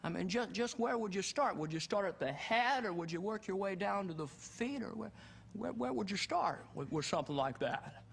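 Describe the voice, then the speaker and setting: Guy doing an old movie star voice, stammery drawl, kinda high and bright. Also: expressive, moderate pace, creaky, a little hiss or hum, exaggerated voice. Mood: fretful. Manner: stammering, drawling, repeats words. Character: halting, nervous male film star, older.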